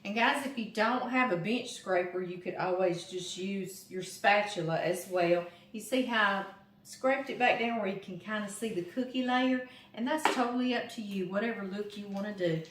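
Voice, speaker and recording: A woman's voice: medium pitch, normal speed, a bit bright. An older woman from Louisiana with a Southern US accent, chatting to her viewers while she decorates a cake in her home kitchen. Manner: chatty, talks straight to viewers as "y'all". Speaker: home cooking vlogger. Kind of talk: casual cooking demonstration. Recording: roomy kitchen echo.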